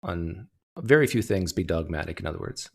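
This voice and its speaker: A man's voice: sits low, expressive, brisk, gravelly, breathy edge. A man hosting a livestream call-in show, talking in a blunt, wry, conversational way. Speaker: livestream host taking callers. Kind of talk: casual call-in talk.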